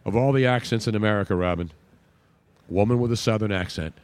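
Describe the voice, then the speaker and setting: A man's voice: fairly low pitch, fast talker, a little mellow, dry recording. Chatty male talk radio host. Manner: chatty, rambling. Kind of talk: casual talk radio with live ad read.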